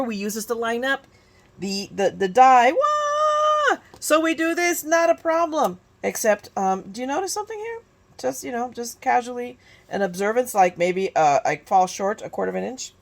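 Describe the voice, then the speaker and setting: A woman in her fifties from California, chatting through a crafting tutorial with lots of restarts and self-mocking asides. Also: a little high. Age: 50s. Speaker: crafting YouTuber. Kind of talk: casual crafting tutorial chat.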